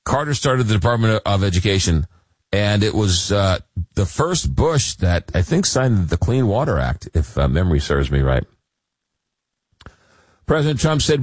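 A man's voice: lowish voice, big pitch swings, normal speed, no room sound. A middle-aged man hosting a call-in radio talk show, reading listener messages aloud and hesitating with many fillers.

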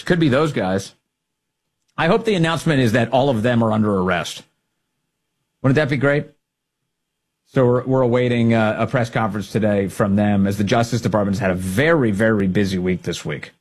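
A man with a slightly husky voice hosting an opinionated talk show. He is sarcastic and heated, tossing out insults as he runs through the news. His delivery is mid-pitched and combative. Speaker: radio talk show host. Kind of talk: opinionated political talk radio.

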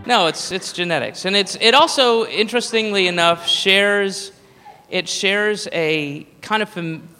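A man doing rambling, profane stand-up. His voice sits high and bright. It carries a long hall reverb, with faint audience noise underneath. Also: unhurried, smooth, soft background music. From Southern US. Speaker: stand-up comedian. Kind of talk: stand-up comedy. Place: live comedy venue.

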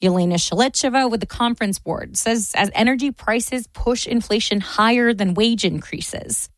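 A woman's voice: fairly high pitch, dry recording. Female radio reporter reading a news piece. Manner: measured, clear reading. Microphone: studio mic.

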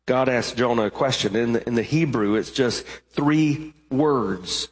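A man's voice: medium pitch, unhurried, big-room sound. A male pastor preaching a sermon in a church, emphatic and full of rhetorical questions, sometimes repeating words as he builds up. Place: church sanctuary.

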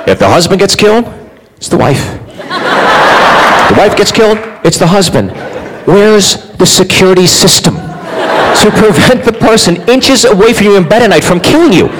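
A man's voice: high-pitched, animated, normal speed. A man doing a sarcastic, ranting stand-up routine on a comedy club stage. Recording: live club with crowd noise.

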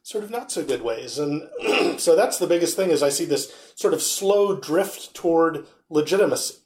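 A man's voice: a little high, normal speed. A man in a casual conversation, speaking wryly and acting out other people's words when he tells stories. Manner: wry, animated when quoting people. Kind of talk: casual chat.

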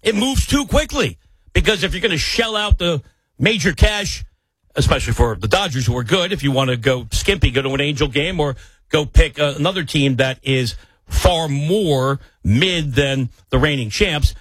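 A man's voice: fairly high pitch, expressive, normal speed, a bit bright, slightly rough, dry recording, low-quality recording. A man filling in as a sports talk host, delivering an opinionated monologue with emphatic rants and rhetorical questions. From New York area.

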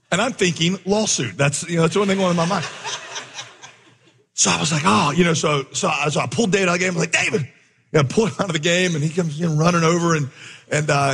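Preacher, male, somewhat high and husky, animated storyteller, big hall reverb. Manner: animated storyteller, acts out dialogue. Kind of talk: sermon with storytelling.

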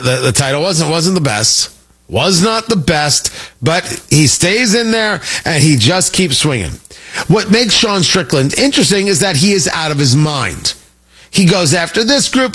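Animated, high-voiced male talk host. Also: breathy edge. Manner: animated, emphatic, sarcastic. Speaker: radio talk show host. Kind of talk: opinionated political talk.

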